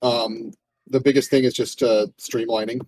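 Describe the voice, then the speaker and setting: A man's voice: medium pitch, normal speed, poor audio. A man in a casual chat after a tabletop session, rambling a little and using plenty of fillers as he talks through the game. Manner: relaxed, rambling with many fillers. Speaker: game master.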